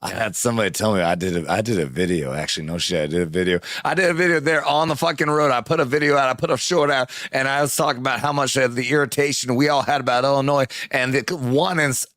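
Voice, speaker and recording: A hoarse man on a podcast panel, grumbling with plenty of profanity. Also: medium pitch, quick pace, few pauses, fairly bright tone, dry recording, studio quality. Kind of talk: casual panel chat.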